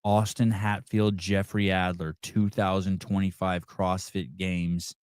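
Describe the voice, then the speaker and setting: A man's voice: low-pitched, a little slow, clean tone, dry recording, studio quality. A man hosting a podcast call-in, chatting loosely and casually with a lot of swearing. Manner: loose, profane, relaxed banter. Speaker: podcast host. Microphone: phone line for calls.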